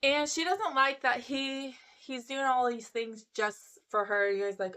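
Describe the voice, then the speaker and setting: A talkative woman recapping a reality show in a casual, gossipy way. Her voice sits a little high. She slips into playful impressions of the people she talks about. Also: unhurried, bright, forceful tone. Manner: chatty, gossipy, acts out quotes. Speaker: recap vlogger.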